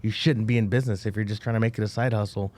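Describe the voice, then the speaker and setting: Brief: man guest, easygoing and slangy, lowish voice. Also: fairly even intonation, rapid-fire, a little mellow. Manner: laid-back, agreeable, slangy. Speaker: guest, business owner. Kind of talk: casual interview talk.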